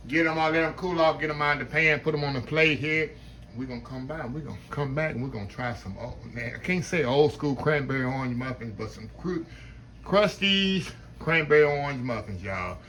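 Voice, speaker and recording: A man's voice: mid-range voice, fairly bright tone, slight background noise, low-quality recording. A man hosting a casual home cooking vlog, chatty and folksy, talking to viewers as y'all in his kitchen. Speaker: home cooking channel host.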